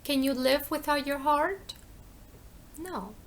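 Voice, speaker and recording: A woman's voice: high-pitched, slow. A woman preaching an informal sermon, emphatic and conversational, asking questions and answering them herself and repeating phrases for effect.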